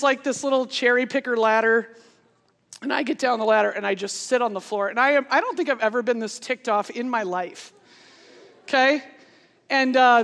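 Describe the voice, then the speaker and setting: A woman in her forties telling a funny personal story in a sermon, animated and laughing as she goes. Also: a little high. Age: 40s. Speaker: speaker. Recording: long hall reverb.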